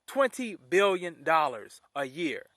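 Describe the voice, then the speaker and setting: Indignant high-voiced man ranting. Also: big pitch swings, slow, a bit bright, dry recording, clean studio sound. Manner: indignant, repeats and restarts phrases. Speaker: vlogger. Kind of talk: opinion rant to camera.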